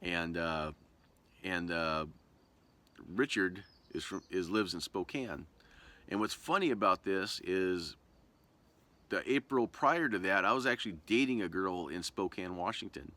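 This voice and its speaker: A very low-pitched man with a bright, forceful edge to his voice tells a personal story in a loose, rambling vlog style. He keeps stopping to restart his sentences and leans on lots of fillers as he goes. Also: a little slow. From Southern Oregon. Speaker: vlogger. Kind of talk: casual storytelling.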